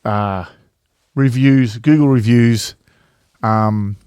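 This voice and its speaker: A man talks through a travel story in loose casual chat, full of ums, restarts and the odd swear word. His voice sits at an ordinary middle pitch. The sound is dry and close, with no room around it. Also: steady tone, drawn-out words, a little mellow, clean tone, dry recording. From Australia. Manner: rambling, swears freely, many fillers and restarts. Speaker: travel vlog co-host.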